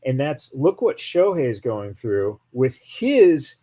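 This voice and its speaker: A man in a casual podcast chat, breaking in eagerly with emphatic points. His husky voice swoops up and down a lot. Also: mid-range voice, very animated, slow pace, warm tone. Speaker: podcast co-host.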